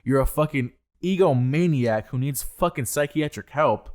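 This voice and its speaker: A man's voice: mid-range voice, moderate pace, a little mellow. A young man co-hosting a podcast, ranting heatedly with heavy swearing. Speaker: podcast co-host. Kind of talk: casual chat.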